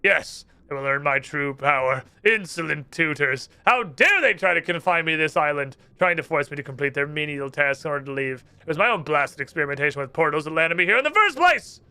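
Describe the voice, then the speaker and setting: A man voicing a pompous, ranting male dark wizard who rages in a loud, theatrical, drawn-out way. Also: on the high side, lively intonation, smooth, no room sound, heavily acted. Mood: furious.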